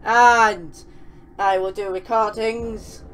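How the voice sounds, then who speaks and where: A young woman commenting on a horror game she is playing, excitable and often yelling at the characters on screen. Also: medium pitch, slow pace, a little hiss or hum. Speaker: gaming channel host. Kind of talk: let's-play commentary.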